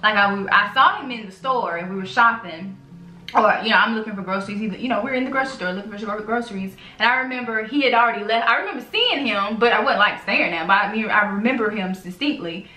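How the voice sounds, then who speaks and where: A woman's voice: medium pitch, lively intonation, quick pace, bright, forceful tone. A woman hosting her own channel, chatting casually with her husband about relationships, rambling with many restarts. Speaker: channel host. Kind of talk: casual couple chat. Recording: echoey room, mic at a distance, faint music.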